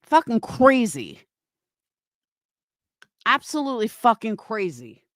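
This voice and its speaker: Furious swearing woman, lively high voice. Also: measured pace, pauses often, dry recording. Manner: furious, swears constantly, repeats herself. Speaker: livestream host reading chat. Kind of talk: angry livestream rant.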